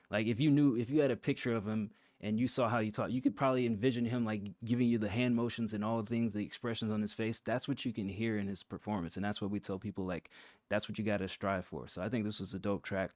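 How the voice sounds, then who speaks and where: A man's voice: fairly low pitch, darkish tone, no echo, studio quality. A man hosting a show, casually reviewing a rap track, talking through his thoughts with lots of fillers and restarts.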